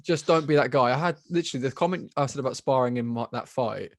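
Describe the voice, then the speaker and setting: Man, rapid blunt talk, swears a lot, mid-pitched, dry close mic. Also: no echo. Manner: fast, blunt, swears freely. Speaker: podcast host and MMA fighter. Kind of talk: casual podcast chat.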